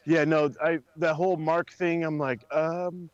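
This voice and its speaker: A man's voice: a little high, normal speed, dry recording. Profane ranting man, dull dry sound. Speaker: wrestling podcast co-host. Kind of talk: casual chat.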